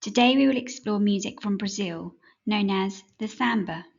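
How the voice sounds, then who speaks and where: A woman narrating a children's music lesson in a clear, measured, instructive way. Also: mid-range voice, dull audio. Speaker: music teacher. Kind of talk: scripted educational narration.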